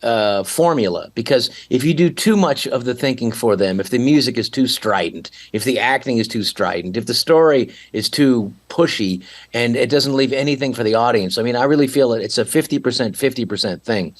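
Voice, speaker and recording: A man with an average-pitched voice speaks as a guest on a podcast. He explains his ideas earnestly and at length, in the steady voice of someone teaching a point. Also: brisk, hardly any pauses. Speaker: guest actor. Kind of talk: casual chat.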